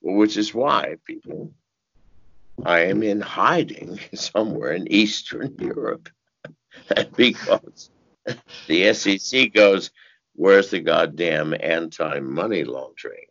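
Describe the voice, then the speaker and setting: An older man with a deep, gravelly, husky voice talks slowly and curses freely as an interview guest in a casual conversation. He tells his stories in animated bursts, with sudden high shouts, leaps in pitch, and chuckles. The audio is dull and lo-fi.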